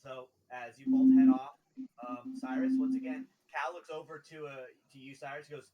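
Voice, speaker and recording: A man narrating a tabletop role-playing game as its game master. He talks in a loose, casual way. His voice sits a little high, with faint background hiss. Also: sing-song, normal speed, warm tone, lo-fi sound. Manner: loose, casual, laughs often.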